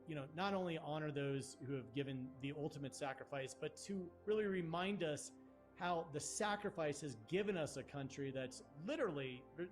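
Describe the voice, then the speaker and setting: A man hosting an interview, upbeat and thankful, with some fillers. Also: a little high. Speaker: host.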